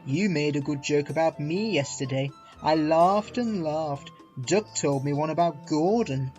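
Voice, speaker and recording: A man voicing a sly, scheming male diesel engine with an oily, slow way of talking. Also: on the high side, a little mellow, close to an everyday voice. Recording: dull lo-fi with faint music.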